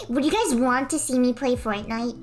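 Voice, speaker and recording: A giggly female streamer chats with her viewers while she draws. Her voice sits a little high, and she talks at an unhurried, drawn-out pace. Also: very animated. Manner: giggly, chatty, reads chat aloud. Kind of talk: casual live-stream chat while drawing.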